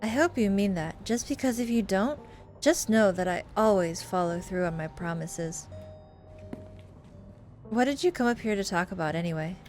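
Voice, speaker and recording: A woman's voice: medium pitch, expressive, moderate pace, a little mellow, soft background music, natural voice. A woman voicing a stern, threatening young woman in a game, speaking curtly and coldly. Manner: curt, cold and menacing.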